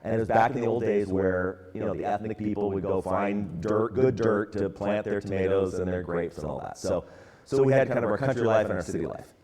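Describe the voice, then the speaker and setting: A man in his sixties from the San Francisco area gives a relaxed, storytelling church talk, full of casual fillers. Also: fairly low pitch, a little fast. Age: 60s. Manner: relaxed, conversational, many fillers. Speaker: church ministry speaker.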